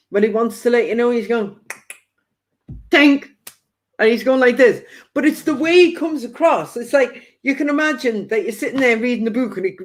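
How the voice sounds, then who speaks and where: A woman working as a spiritual medium, giving a chatty live-stream psychic reading and passing on spirit messages with playful quoted asides. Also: fairly high pitch.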